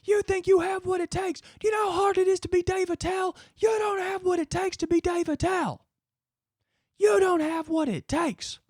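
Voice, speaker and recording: A man putting on a furious football coach who berates a lazy player in a high, shouting voice. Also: steady tone, normal speed, no echo, clean studio sound. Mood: yelling, berating. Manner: shouting, berating, drill-sergeant harangue.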